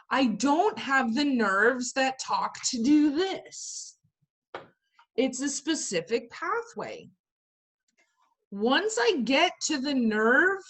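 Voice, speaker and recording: Woman instructor, lively and emphatic, lecturing over a webcam. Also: high voice. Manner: animated, chatty, emphatic. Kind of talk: online class lecture. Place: home video call.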